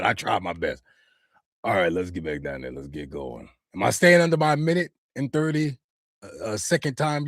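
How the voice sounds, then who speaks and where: A man's voice: fairly low pitch, slightly rough, dry recording, studio quality. An American man and voice actor chatting casually on a live stream, answering viewer comments with loose slang. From United States. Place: home studio.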